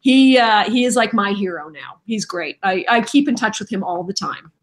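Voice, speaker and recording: A middle-aged woman, a voice actress, telling stories in a lively, self-deprecating way during a casual interview. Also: medium pitch, moderate pace. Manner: animated, self-deprecating storyteller. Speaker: voice actress guest.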